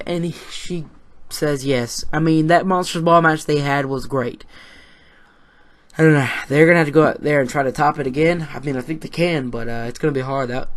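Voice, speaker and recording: Speaking at a medium pitch, this man rambles through a casual rundown of a wrestling event. He gets worked up, swears without holding back, and his talk is full of fillers and false starts.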